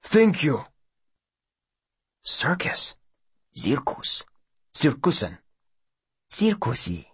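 Husky, lively male audiobook narrator. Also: medium pitch, dry recording. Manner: expressive storyteller voicing each character.

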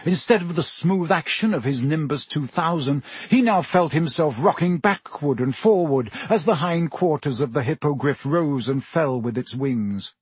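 A man narrates an audiobook with an expressive storytelling delivery. His voice sits a little high and has a husky grain. The recording is dry and close. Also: moderate pace, hardly any pauses, no room sound. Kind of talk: audiobook reading.

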